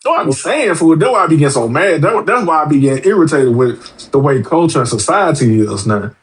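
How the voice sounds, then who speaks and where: A man with a fairly high voice, a guest on a podcast, talks bluntly and with plenty of swearing in casual chat. He tells his stories with energy and acts out the other people's voices. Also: a little fast. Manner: blunt, profane, animated storytelling.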